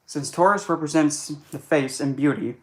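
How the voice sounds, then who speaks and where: A man's voice: fairly high pitch, normal speed, fairly bright tone. A man talks loosely and bluntly in a casual monologue. He jokes darkly and keeps correcting himself as he goes. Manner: chatty and blunt, darkly joking, self-correcting. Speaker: occult and astrology vlogger.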